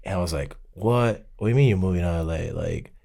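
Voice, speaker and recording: Guy rambling through a story on a podcast, lowish voice, does all the voices. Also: fairly quick, creaky. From Miami. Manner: animated, acts out quoted dialogue. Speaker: podcast guest, artist. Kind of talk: casual storytelling.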